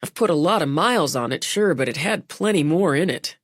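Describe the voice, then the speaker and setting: A woman's voice: deep voice, lively intonation, fairly quick, dry recording. Dry jokey young guy after a crash, woman narrator doing him, close dry sound. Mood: dazed, wry. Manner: dry, joking. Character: shaken young man after a truck crash, wry.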